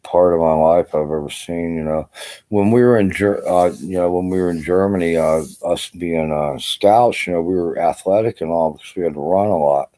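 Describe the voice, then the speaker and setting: Speaking into his camera, a worn-out army veteran vlogger talks at an ordinary pace in a low, mellow voice. His casual monologue wanders, peppered with profanity and constant "you know" fillers.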